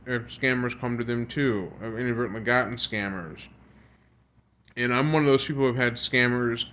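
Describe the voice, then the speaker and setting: A man's voice: mid-range voice, fairly bright tone, slight background noise. A man reading news articles aloud with his own comments, earnest and repetitive, often stumbling over words and starting again. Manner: halting reading with stumbles and restarts. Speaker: video creator.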